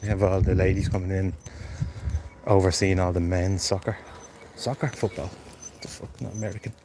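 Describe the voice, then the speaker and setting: A man's voice: low-pitched, little pitch movement, a little fast, dark tone. A man from Ireland with a Dublin accent, chatting casually on a live stream, swearing freely and replying to viewers. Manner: swears freely, reads out chat. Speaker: livestreamer. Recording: noisy outdoor background.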